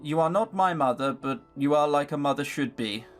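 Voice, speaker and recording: A reader voicing a gentle, earnest young girl in a visual novel, in a plain, soft reading voice with lively pitch. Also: moderate pace, faint music behind, natural voice.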